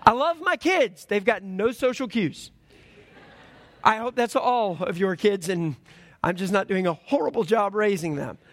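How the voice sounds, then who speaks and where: High-voiced man preaching animatedly. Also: unhurried. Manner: animated storytelling with humor; swings between loud and hushed. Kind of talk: sermon.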